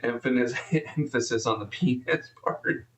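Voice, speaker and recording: A man's voice: medium pitch, a little slow, fairly bright tone, roomy sound, recorded from a distance. A man live-streaming and commenting casually, profane and rambling, easily exasperated.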